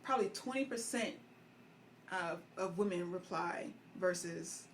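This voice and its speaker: A woman's voice: lowish voice, a little slow, slight background noise. Candid woman co-hosting a podcast. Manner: candid, conversational, frank. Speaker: podcast co-host. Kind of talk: casual chat.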